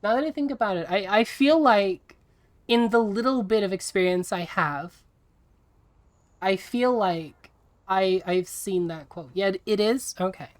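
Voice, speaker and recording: A woman streaming a video game, chatting casually with her viewers in an exasperated, teasing way and quick to laugh. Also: medium pitch.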